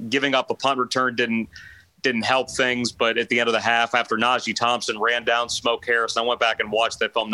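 Man breaking down football plays, bright tone. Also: mid-range voice, no echo, poor audio. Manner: steady, detailed breakdown of plays. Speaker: sports podcast co-host. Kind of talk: analytical sports chat.

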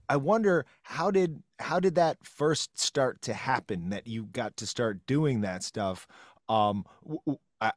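A male co-host with a mid-pitched voice asks questions in a casual chat. His questions are hesitant and rambling, full of restarts. The recording is dry and close. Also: dry recording. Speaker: podcast co-host.

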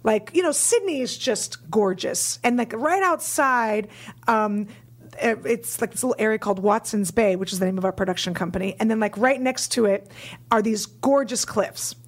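High-pitched american comedian lady, chatty storytelling on a podcast, bounces into voices. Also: normal speed. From United States. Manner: animated, acts out voices in quotes. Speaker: comedian guest.

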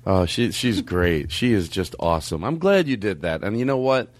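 A man's voice: low voice, sing-song, moderate pace. A man hosting a podcast, effusive and rambling, with many restarts. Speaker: podcast host. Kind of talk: casual podcast chat.

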